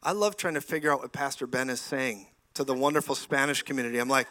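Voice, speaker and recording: A man in his forties delivers a lively sermon from a church stage, moving between personal stories and exclamations of praise. His voice is mid-pitched and he talks with enthusiasm, often breaking into laughter. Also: quick pace, few pauses, a little hiss or hum. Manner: enthusiastic, laughing asides, frequent praise interjections. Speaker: preacher. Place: church sanctuary.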